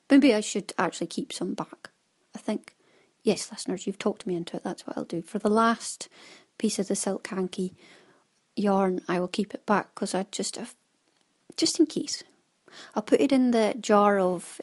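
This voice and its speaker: A woman hosting a podcast, talking in a casual, rambling way and often trailing off into soft, half-whispered asides. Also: medium pitch. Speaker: knitting podcast host. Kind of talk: casual chatty monologue.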